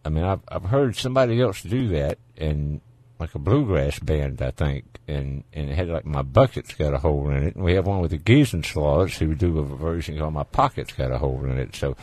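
A man's voice: a bass voice, lively intonation, fairly quick, hardly any pauses, a little mellow, no room sound. A man with a Southern US accent hosting a call-in radio show, folksy and easygoing, laughing often. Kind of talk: casual call-in radio chat.

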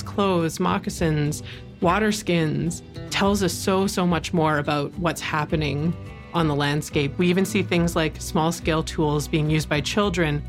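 Very low-voiced woman, engaged and emphatic. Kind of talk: interview explanation.

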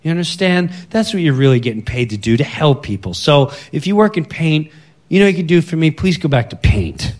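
A man's voice: a little high, lively intonation, a little fast, close to an everyday voice. A man voicing a stern, self-important hardware store clerk who lectures a coworker. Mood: scolding. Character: stern, preachy middle-aged male hardware clerk.

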